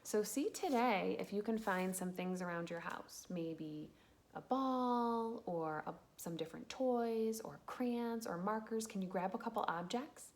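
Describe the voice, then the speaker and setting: A woman teacher giving a slow, patient phonics lesson to young children, sounding out letters and cheering them on. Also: mid-range voice, darkish tone, slight background noise.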